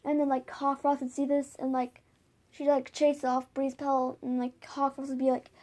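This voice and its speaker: A woman's voice: high voice, little pitch movement, normal speed, mellow. A woman casually making up a fan story at home, rambling with many filler words. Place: home, by a window.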